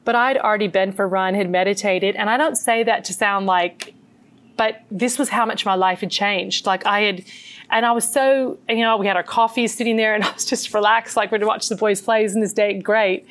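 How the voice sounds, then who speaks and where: A middle-aged meditation teacher with an Australian accent, a woman, tells her story as an interview guest. She speaks briskly at medium pitch, in an earnest and animated way.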